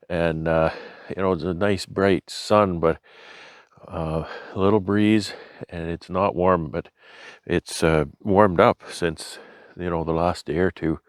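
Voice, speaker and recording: Low-voiced Canadian man, casual beekeeper vlog. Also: no echo, studio quality. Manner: easygoing, rambling with many fillers and restarts. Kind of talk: casual show-and-tell narration.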